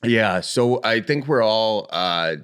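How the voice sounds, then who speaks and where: Relaxed podcast host, a man. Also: on the low side, smooth. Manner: relaxed, halting, uses many fillers. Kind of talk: casual interview chat.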